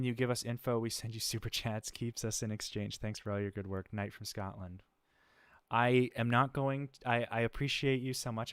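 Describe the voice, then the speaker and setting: A man's voice: mid-range voice, fairly bright tone, clear, resonant tone, dry recording. A man hosting a livestream, chatting casually with many fillers and restarts, chuckling now and then. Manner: laid-back, chuckles often. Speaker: livestream host.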